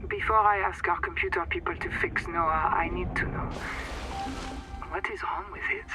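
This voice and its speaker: An actor playing a stern expedition leader who speaks in a clipped, hushed, guarded way in a game cutscene. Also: male voice, high voice, steady tone, normal speed, over music, natural voice. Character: stern man leading a troubled expedition.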